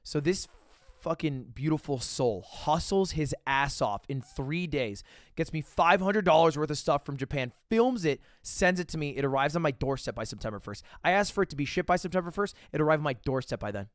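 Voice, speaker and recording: A young man livestreaming and chatting casually with his audience, telling stories in an excited, rambling way with stammering restarts and plenty of swearing. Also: on the high side, fairly quick, no room sound, studio quality. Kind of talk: casual chat with a live audience.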